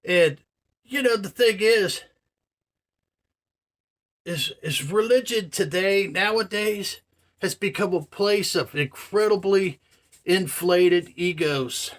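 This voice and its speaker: A man on a vlog spins a story and slides into a profane rant, checking in with his viewers as he goes. His voice sits a bit on the high side. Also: takes it slowly, pauses often, a bit bright. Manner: profane, ranting, addresses viewers directly. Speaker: vlogger. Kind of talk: casual storytelling rant to camera.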